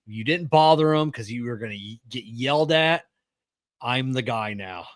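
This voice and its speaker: Middle-aged guy on a podcast, gruff, swears a lot, dry close sound. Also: medium pitch, expressive, moderate pace, dry recording. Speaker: podcast co-host. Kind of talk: casual chat.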